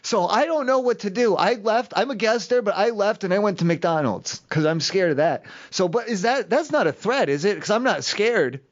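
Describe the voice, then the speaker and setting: High-voiced man rambling on a prank call. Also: lively intonation, normal speed, few pauses, highs cut off. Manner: rambling, hesitant storytelling. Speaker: prank caller.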